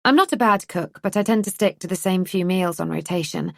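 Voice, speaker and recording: Dry, measured woman narrator. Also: lowish voice, creaky, a bit bright, no room sound. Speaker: audiobook narrator. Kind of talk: scripted narration.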